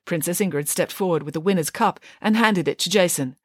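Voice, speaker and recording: A woman narrating a children's story aloud in a lively, expressive way, close to the microphone. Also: fairly low pitch, a little fast, no echo.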